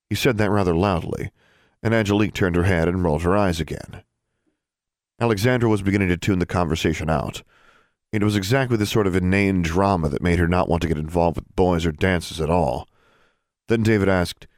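A man reading a novel aloud as a narrator, even and unhurried. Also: low voice, no echo, studio quality. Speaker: audiobook narrator. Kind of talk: scripted narration.

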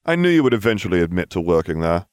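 A man plays a cocky teenage wizard who teases his friends. The voice bounces with lively pitch. It is recorded close and dry. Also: fast talker, smooth, no room sound. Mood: smug. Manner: smug, teasing.

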